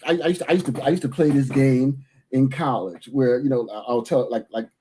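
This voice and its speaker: A man co-hosting a stream who teases his co-host and jokes around in an animated way. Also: mid-range voice, fairly quick, breathy edge. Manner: animated, teasing. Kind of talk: reaction commentary.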